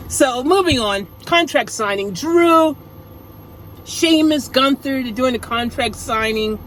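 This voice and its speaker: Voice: sits high, slow pace, fairly bright tone, slight background noise, rough recording. A wrestling show recapper chatting casually through a rundown, slangy and rambling, with jokey asides.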